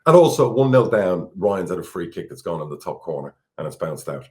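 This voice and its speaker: A deep-voiced Irish man in middle age, co-hosting a football podcast. He talks bluntly and candidly, swears freely and stumbles over repeated words when worked up. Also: sing-song, a little fast. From Ireland. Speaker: football club chairman, podcast co-host.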